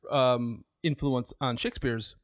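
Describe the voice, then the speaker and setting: A man's voice: medium pitch, fairly even intonation, measured pace, no room sound, clean studio sound. A man co-hosting a podcast in a casual, agreeable way, with plenty of fillers. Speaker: podcast co-host.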